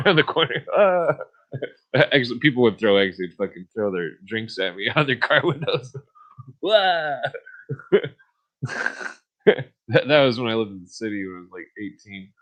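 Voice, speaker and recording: A man's voice: lowish voice, a bit bright, rough recording. Man, podcast host, rambling monologue, swears a lot, laughs at own stories.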